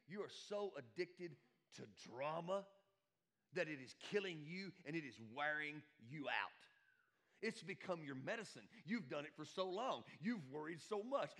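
A male pastor preaching a lively sermon, swinging from shouts to hushed asides. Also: a little high.

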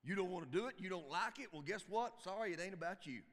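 Man, folksy emphatic sermon, high voice, long church reverb. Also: animated, fast. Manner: folksy Southern preacher, emphatic, repeats phrases. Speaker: pastor. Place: church sanctuary.

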